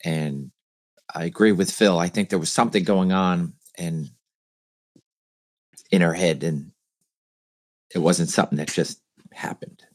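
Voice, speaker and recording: A male podcast co-host in casual chat, thoughtful and halting, restarting his sentences often. His voice is very low and sounds close and dry. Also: no echo. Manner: hesitant, many restarts, thoughtful.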